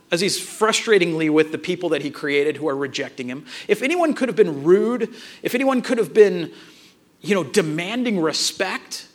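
A man preaching a sermon, telling a family story in an animated way and acting out the dialogue, with frequent restarts. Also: high voice. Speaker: pastor.

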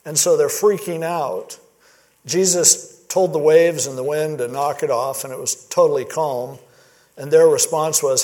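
A man's voice: on the high side, a little mellow. A man preaching a sermon in a casual, conversational way, acting out the quoted lines with animation. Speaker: pastor.

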